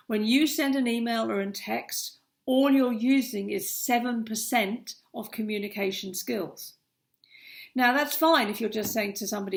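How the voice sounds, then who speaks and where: A woman's voice: on the high side, moderate pace, vocal fry. A middle-aged woman, a coach, giving earnest, emphatic advice straight to the viewer in a vlog. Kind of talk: direct-to-camera advice vlog.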